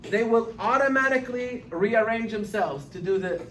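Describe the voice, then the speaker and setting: A man teaching a chemistry class, lecturing with emphatic, animated repetition of key points. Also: extremely high pitch, moderate pace. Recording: echoey classroom from far off.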